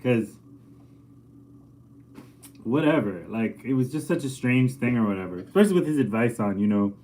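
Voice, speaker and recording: A man, a painter, chatting casually to camera in a relaxed, rambling way with lots of filler words. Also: mid-range voice, normal speed, slight background noise. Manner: laid-back and rambling, full of filler words. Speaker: painter and muralist. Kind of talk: casual vlog storytelling.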